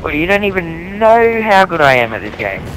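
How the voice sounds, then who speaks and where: A man's voice: sits high, big pitch swings, a little fast. Rambling man on noisy game chat. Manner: rambling, joking, laughs at his own lines. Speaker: online game player. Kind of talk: crude voice chat banter.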